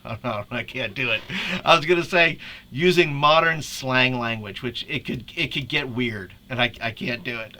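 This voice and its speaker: A man's voice: medium pitch, a little fast, bright, forceful tone. A man leading a casual tutorial for youth ministry leaders, chatty and laughing often as he restarts his sentences. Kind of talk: casual screen-share tutorial.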